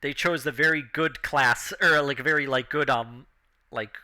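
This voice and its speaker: Male game master, unhurried and casual, sharp bright tone, lots of "um" and "like". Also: mid-range voice, steady tone. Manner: laid-back, filler-heavy, chuckling. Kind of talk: narrating a tabletop game.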